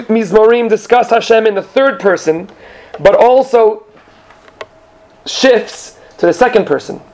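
A man with a high, light voice teaches a class about a holiday prayer. He talks casually and animatedly, slipping into jokes and acting out little scenes for his students. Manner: animated storytelling with joking asides. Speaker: Torah teacher. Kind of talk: classroom lesson.

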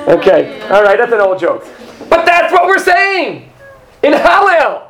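A man with a high, light voice teaches a class about a holiday prayer. He talks casually and animatedly, slipping into jokes and acting out little scenes for his students. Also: slow pace, long pauses. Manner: animated storytelling with joking asides. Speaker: Torah teacher. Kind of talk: classroom lesson.

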